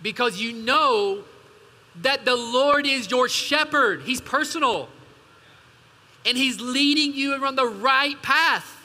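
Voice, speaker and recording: High-pitched, bright-voiced preaching pastor. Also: male voice, takes it slowly. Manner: emphatic preaching with call-and-response asides. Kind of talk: sermon. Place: church hall. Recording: church hall reverb.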